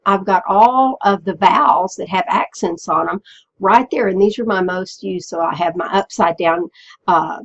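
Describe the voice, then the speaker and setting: A woman teacher walking students through a software tutorial step by step, patiently checking in with them as she goes. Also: medium pitch, moderate pace, vocal fry, dull audio. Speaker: Spanish teacher. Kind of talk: screen-recorded software tutorial.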